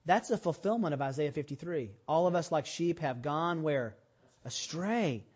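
A man preaching a sermon, telling a personal story and rising to loud, emphatic preaching. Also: fairly high pitch, moderate pace, lo-fi sound. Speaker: pastor.

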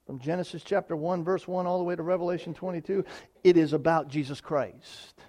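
High-voiced preacher, loud then hushed. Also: male voice, fairly even intonation. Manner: swings from loud emphatic declarations to quiet quick asides. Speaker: pastor. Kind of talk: sermon.

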